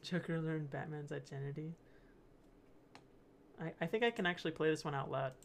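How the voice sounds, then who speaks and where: A man's voice: fairly high pitch, a little fast, gravelly, a little hiss or hum. A young man hosting his channel, rambling casually through posts, laughing often and stumbling over words. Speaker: channel host. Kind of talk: casual commentary reading posts.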